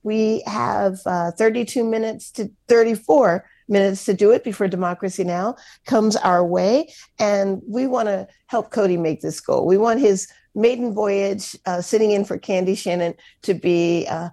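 A woman's voice: mid-range voice, moderate pace, mellow. A woman hosting a community radio pledge drive, upbeat and encouraging as she thanks listeners and asks for donations in a radio studio. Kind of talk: community radio fundraising talk.

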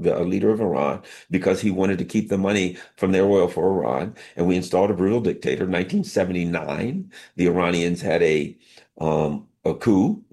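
A man's voice: deep voice, vocal fry, darkish tone. A man from the United States delivering an emphatic, colloquial political monologue in short repetitive bursts. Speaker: political commentator.

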